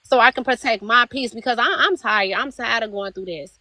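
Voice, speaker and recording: High, bright-voiced woman from Chicago pleading. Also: no room sound, rough recording. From Chicago, USA. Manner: halting, repeats words and restarts often; pleading, heartfelt. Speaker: interview guest. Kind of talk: emotional live-streamed interview.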